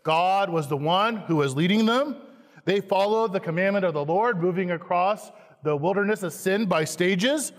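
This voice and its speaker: A man, a pastor, preaching a sermon slowly and emphatically, acting out quoted lines with dramatic stress. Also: high-pitched. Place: church sanctuary. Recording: long hall reverb, church sanctuary.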